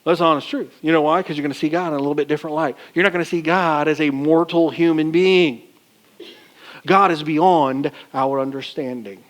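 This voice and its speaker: Male pastor, somewhat high-pitched, folksy sermon delivery, plenty of rhetorical questions.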